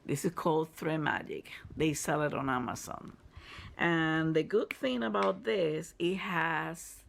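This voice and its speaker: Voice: medium pitch, a little slow, gravelly, a bit bright, slight background noise. A crafter and channel host giving a casual review and tutorial, chatty and explanatory, often restarting phrases mid-sentence while showing materials to the camera.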